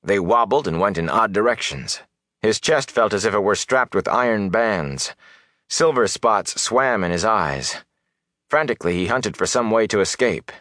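Man narrating an audiobook, low voice, lively delivery, dry close sound. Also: normal speed, no echo.

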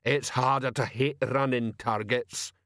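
A man voicing a huge, slow-witted male troll sergeant who bellows and stumbles over long words, in an audiobook. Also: mid-range voice, steady tone, fairly bright tone, no echo, studio quality. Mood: blunt. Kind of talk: audiobook character voice.

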